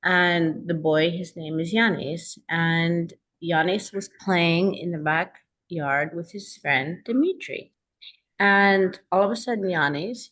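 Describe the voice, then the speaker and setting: Woman coach teaching a class, kinda low voice, earnest and emphatic, tells lots of stories. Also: fairly bright tone. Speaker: self-help coach and teacher.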